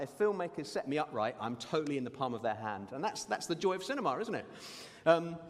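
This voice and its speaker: A man preaching a sermon, telling stories in an animated way with lively asides. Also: high voice. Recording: long hall reverb.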